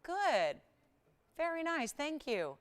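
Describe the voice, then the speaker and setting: A woman hosting a live shopping channel, chatty and animated as she pitches jewelry and prices. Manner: animated, chatty, sells with rapid price talk. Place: television studio.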